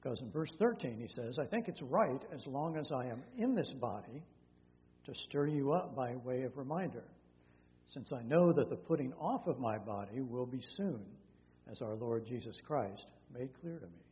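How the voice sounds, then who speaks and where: A man's voice: medium pitch, animated, moderate pace. A male pastor teaching through a Bible passage in a conversational way, with many fillers and self-corrections. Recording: tinny phone-like sound in a reverberant hall with faint hum.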